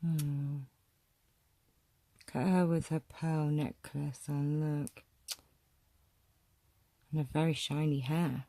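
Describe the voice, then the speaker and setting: A woman chatting casually as she shows a photo collection, musing aloud and often clearing her throat. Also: low-pitched, steady tone, takes it slowly, long pauses, mellow, dry recording. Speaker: vlogger showing a photo collection. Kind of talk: casual show-and-tell commentary.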